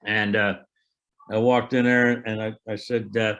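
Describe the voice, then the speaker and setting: A man in his eighties telling an oral history of his army years, a halting storyteller who restarts often and acts out remembered dialogue. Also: lowish voice, flat delivery, fairly bright tone, muffled recording. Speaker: veteran interviewee.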